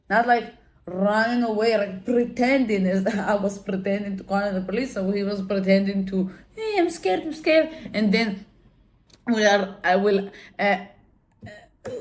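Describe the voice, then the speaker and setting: Woman vlogger, mid-pitched, candid and emotional storyteller who curses freely and trips over her restarts. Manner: talks with many fillers and restarts. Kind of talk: personal storytelling monologue.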